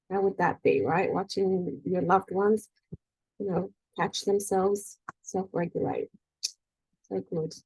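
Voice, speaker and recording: A woman's voice: medium pitch, mellow, slightly rough, no echo, poor audio. A middle-aged woman coaching a faith group in a chatty, casual way, often checking in with "right?" and acting out quoted voices. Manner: chatty, frequent "you know" and "right?", acts out quoted voices. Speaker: spiritual energy-healing coach leading a group meeting. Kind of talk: casual faith-based teaching talk.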